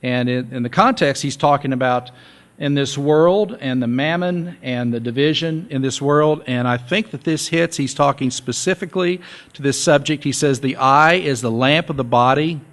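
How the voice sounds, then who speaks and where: A male pastor giving a relaxed, conversational sermon, joking with his congregation and repeating his key points. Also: medium pitch, moderate pace. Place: church sanctuary.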